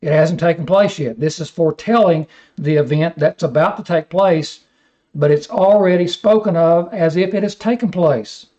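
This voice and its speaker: A man's voice: a little high, normal speed, dark tone. A man teaching a Bible study lecture, reading scripture aloud and then explaining it with rhetorical questions. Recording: dull lo-fi recording.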